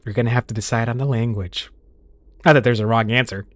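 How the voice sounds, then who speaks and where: A man's voice: medium pitch, fairly even intonation, fast, dry recording. A man streaming and chatting casually with his viewers, rambling along with restarts and laughs.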